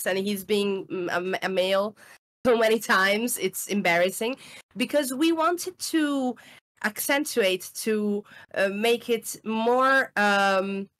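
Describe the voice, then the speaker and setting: Slow, hesitant Italian woman. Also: medium pitch, a bit bright. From Italy. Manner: searching for words, hesitant. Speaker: voice actor guest. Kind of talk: casual podcast chat.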